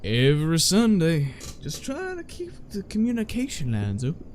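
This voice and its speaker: An actor playing a calm, quietly ominous male radio tower worker in a horror game, speaking in a smooth, soothing way. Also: fairly high pitch, normal speed, a little hiss or hum.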